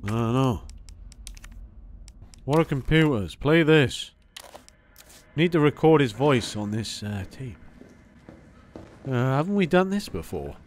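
A man giving gameplay commentary as a let's play host; he is excitable and jokey and swears a lot. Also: medium pitch, takes it slowly, pauses often.

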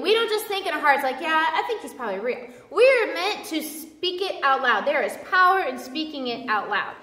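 A high-voiced woman preaches in a loose, conversational way, breaking into animated quoted voices. She sounds chatty and self-deprecating. The sound carries the long reverb of a large church hall, picked up from some distance. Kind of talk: casual sermon. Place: church sanctuary. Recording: echoey church hall from far off.

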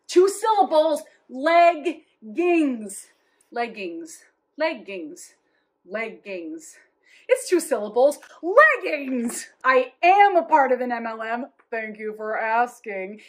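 A woman's voice: high-pitched, exaggerated voice. A woman in a comedy sketch playing a restless, upbeat worker who can't sit still, talking in a bubbly, peppy way. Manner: bubbly and peppy, jumping between ideas.

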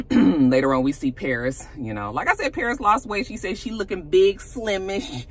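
A woman's voice: medium pitch, very animated, normal speed, breathy edge. A woman casually recapping a reality TV episode, chatty and sassy, with "you know" asides and laughs as she talks.

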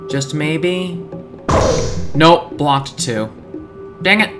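A man's voice: a little high, extremely slow, over loud music. A man commentating a video game playthrough in a jokey, sarcastic way with sudden yelps. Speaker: let's-play gamer.

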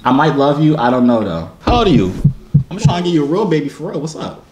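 Joking man with a lively voice. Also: a little high, fast talker. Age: 30s. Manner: joking, flirty, teasing. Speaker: host. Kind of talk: casual video chat with strangers. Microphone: phone or webcam. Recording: echoey room, faint noise.

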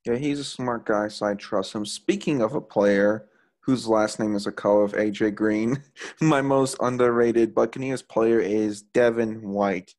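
A young man co-hosting a casual sports podcast, enthusiastic and quick to laugh. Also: on the low side, fairly even intonation, a little mellow. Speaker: podcast co-host.

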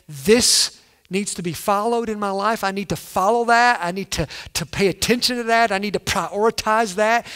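A man preaching a sermon as pastor, animated, acting out quoted lines and punching key words loudly. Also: sits high. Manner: animated, acts out quotes, sudden loud emphasis.

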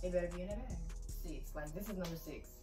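A woman's voice: on the low side, fast, warm tone. Sassy young woman ranting in an echoey room. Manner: sassy, emphatic, lots of "like". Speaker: vlogger. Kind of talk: casual ranting vlog. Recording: echoey room, far from mic, music behind.

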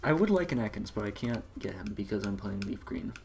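A man giving casual, profanity-laden commentary while playing a video game, breaking into excitable outbursts. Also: on the low side, fairly quick, slight background noise. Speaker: let's play gamer.

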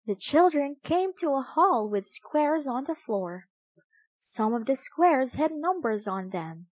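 A woman reading a children's story aloud, slow and expressive in a sing-song way. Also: high voice, dry recording. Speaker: storybook reader.

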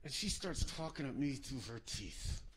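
A man's voice: mid-range voice, animated, normal speed, fairly bright tone. A man performing stand-up comedy, telling a self-mocking story with lots of asides.

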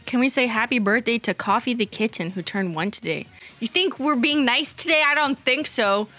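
A woman's voice: on the high side, moderate pace, pushed and bright. A woman in her thirties hosting a livestream, roasting viewers' work with sarcastic, teasing remarks and frequent laughter. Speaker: nail art YouTuber and livestream host.

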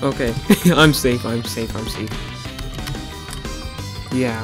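A man giving casual gameplay commentary and voice-over, prone to sudden excited outbursts. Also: mid-range voice. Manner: excitable, quick outbursts of exclamation. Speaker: gaming channel host. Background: background music.

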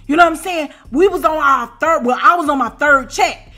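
A woman in her forties tells a storytime tale in a loose, chatty way. Her voice sits a little high, and she keeps checking in with her listeners through constant asides and plenty of slang. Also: a little fast. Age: 40s. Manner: animated, repeats "you know what I'm saying". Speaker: storyteller vlogger. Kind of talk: casual storytime.

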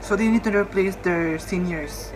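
A young woman with a Filipino accent reacting to a show, squealing, swearing and bursting into shouts and laughter. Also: fairly low pitch, normal speed, music in the background, low-quality recording. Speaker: reaction vlogger. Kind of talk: excited reaction commentary.

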